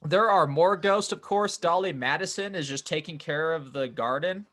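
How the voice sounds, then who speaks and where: Bright-voiced man reading ghost facts. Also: fairly high pitch, normal speed. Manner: reads out facts, stumbles on names, laughs easily. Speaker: podcast co-host. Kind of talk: casual comedy podcast chat.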